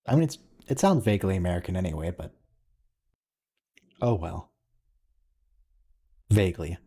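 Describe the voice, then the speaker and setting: A man's voice: sits low, lively intonation, moderate pace, mellow, husky. A man hosting a watch-along, chatting casually and thinking aloud as he comments on the episode. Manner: musing, conversational, thinks aloud with restarts.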